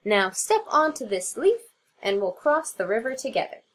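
A woman voicing a gravelly, wise female magic frog in a storybook read-aloud, talking slowly and calmly. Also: on the high side. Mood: kindly.

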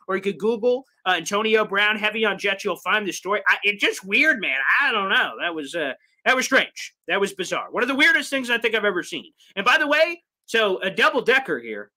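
A man hosting a live sports fan recap, reading viewer comments in an animated, rambling way, his voice strained from yelling. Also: high voice. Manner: animated, rambling, mock voices for quoted people. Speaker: sports fan show host.

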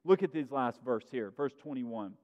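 A man preaching a sermon as pastor, earnest, pushing his voice up for emphasis and then dropping to a quiet tone. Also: mid-range voice, expressive, moderate pace. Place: church sanctuary. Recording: muffled sound in a reverberant sanctuary.

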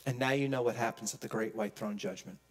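A man preaching a sermon as pastor, emphatic, swinging from loud peaks to hushed low lines. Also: fairly even intonation, fast talker. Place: church.

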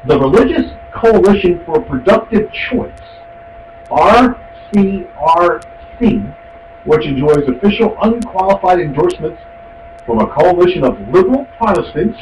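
A man hosting talk radio, ranting and mocking in a lively voice that jumps up and down in pitch. He sounds far from the mic in a roomy, echoing space. A steady hum runs underneath. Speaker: radio talk show host. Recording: echoey, distant, with hum.

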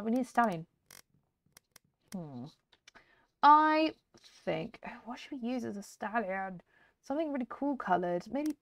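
A woman's voice: a little high, gravelly. A woman casually commentating a game for her viewers, chatty and laughing often. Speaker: gaming video host. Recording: faint background noise and clicks.

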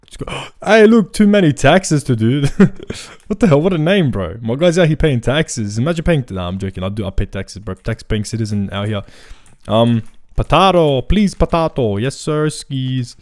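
A young man giving casual, excitable gameplay commentary full of slang. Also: medium pitch, moderate pace, no room sound, studio quality. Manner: excitable, slangy, says "bro" constantly. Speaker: gaming video creator.

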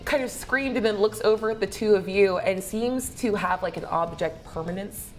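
A woman's voice: medium pitch, normal speed, faint music behind. A woman narrating as game master in a loose, chatty way with frequent fillers.

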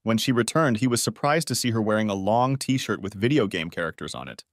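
A man reads a revenge audiobook aloud with an expressive, lively delivery. His pitch sits in the middle but moves a lot, and the recording is dry and close with no room sound. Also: fairly quick, dry recording. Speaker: narrator. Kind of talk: scripted audiobook narration.

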